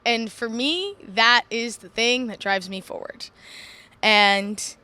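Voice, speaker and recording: A young woman from Long Island, a professional wrestler chatting as an interview guest in an animated, laughing way. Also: fairly high pitch, slow pace. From Long Island, New York. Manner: animated, laughing, self-deprecating. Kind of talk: casual interview chat.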